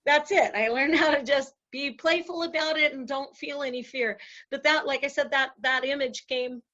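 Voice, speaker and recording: High, bright-voiced woman telling stories. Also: moderate pace, dull audio. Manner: animated storyteller acting out voices, laughs often. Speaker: guest. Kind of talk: casual interview conversation.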